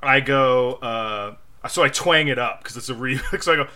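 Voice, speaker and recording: A young man casually telling a funny story on a podcast, laughing often and acting out quotes in a loud high voice. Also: lively intonation, brisk, hardly any pauses. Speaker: podcast co-host.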